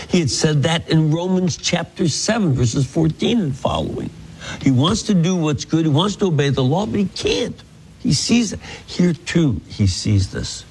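A man teaching a Bible passage, reading verses slowly and then explaining them earnestly. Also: fairly high pitch, darkish tone, slightly rough, rough recording. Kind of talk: scripture teaching.

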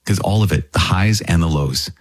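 Husky, low-voiced priest preaching casually. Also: male voice, moderate pace. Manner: energetic, conversational, jumps into pitched-up quoted voices. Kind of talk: podcast homily.

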